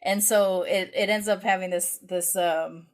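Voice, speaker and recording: A woman's voice: medium pitch, steady tone, unhurried. An American woman co-hosting a podcast, telling a family story in a rambling, reflective, self-correcting way. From United States. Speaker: podcast co-host. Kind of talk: casual conversational chat.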